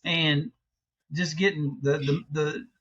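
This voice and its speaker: A man's voice: fairly high pitch, fairly even intonation, takes it slowly, a bit bright, dull audio. A middle-aged man co-hosting a podcast in casual chat, rambling and restarting, swearing freely. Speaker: podcast co-host.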